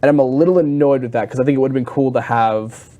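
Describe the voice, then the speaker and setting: Rambling, excitable male podcast host. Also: mid-range voice, quick pace, dull audio. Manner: rambling, excitable, frequent restarts and fillers. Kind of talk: casual gaming chat.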